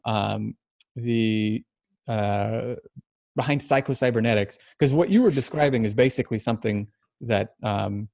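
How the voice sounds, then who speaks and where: A man hosting a podcast, explaining ideas thoughtfully with many pauses. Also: on the low side, gravelly, darkish tone, no room sound, clean studio sound. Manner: thoughtful, explanatory, halting with fillers. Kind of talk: casual podcast chat.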